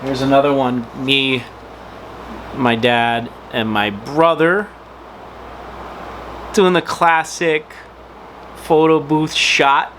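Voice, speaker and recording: A man's voice: medium pitch, steady tone, takes it slowly, pauses often, fairly bright tone, a little hiss or hum. A man hosting his own channel, telling a casual family-name story with lots of fillers and restarts. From United States. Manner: rambling, with many fillers and restarts. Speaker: host of a personal video channel.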